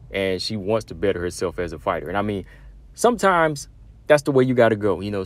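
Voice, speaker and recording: A man hosting a solo fight-talk show, casual and conversational, full of asides and fillers. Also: low-pitched. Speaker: MMA commentary host.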